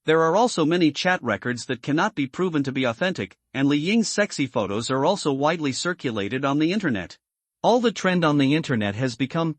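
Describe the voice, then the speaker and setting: A man's voice: a little high, big pitch swings, fairly quick, dry recording. Man narrating a story recap, dry close sound.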